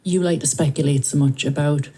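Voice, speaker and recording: A woman's voice: low voice, fairly even intonation, fairly quick, dark tone, husky. A woman making a pointed, defensive rebuttal of criticism aimed at her. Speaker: subject of the clips, answering criticism. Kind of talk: filmed personal rebuttal.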